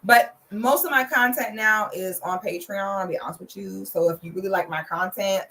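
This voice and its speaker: A young woman giving blunt, profane, big-sister style commentary in a casual vlog, slipping into loud playful shouting now and then. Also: moderate pace, few pauses, low-quality recording. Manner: bursts into loud playful shouting when pitching her membership. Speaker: vlogger commenting on celebrity relationships.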